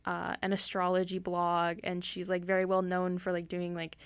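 A woman's voice: on the low side, monotone, normal speed, smooth, dry recording. A young woman hosting a casual book discussion, chatting with lots of filler words. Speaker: podcast host.

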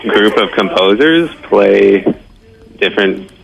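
A man's voice: fairly low pitch, lively intonation, slow, gravelly, poor audio. A man calling in to a radio show from a live event, hesitant and caught off guard. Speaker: caller at a live broadcast. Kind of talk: casual phone-in.

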